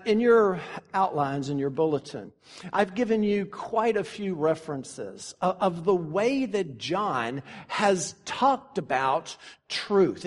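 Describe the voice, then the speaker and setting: Guy preaching a sermon, high voice, big echoey church hall, earnest and slow on the big lines. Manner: earnest preaching with dramatic pauses and slow emphasis. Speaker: pastor.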